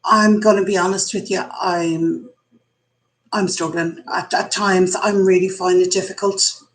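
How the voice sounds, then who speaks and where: A woman's voice: medium pitch, fairly even intonation, moderate pace, poor audio. An Irish woman in her forties hosting a casual live stream from her kitchen, candid and chatty as she thinks aloud. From Ireland. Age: 40s. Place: home kitchen. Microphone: computer mic.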